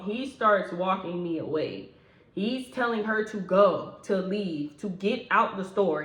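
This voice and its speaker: A woman tells a story from her job in a casual, slangy way. She acts out the other people's lines with sudden leaps in pitch and loudness. Her voice sits in the middle range, and the room around her gives it a noticeable echo. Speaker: storyteller recounting a workplace incident.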